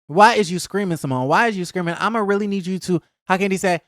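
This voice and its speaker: Sassy guy dishing on reality tv, smooth higher voice, dry close sound. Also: brisk, hardly any pauses, no room sound. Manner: sassy, animated and rhetorical. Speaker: host. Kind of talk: casual pop-culture commentary.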